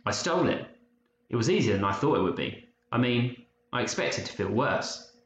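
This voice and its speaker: A man's voice: medium pitch, animated, moderate pace, pitched above the performer's own voice, natural voice. A man voicing a frightened, loyal young boy who talks in urgent, breathless bursts. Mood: teasing. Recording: muffled roomy recording, faint hiss.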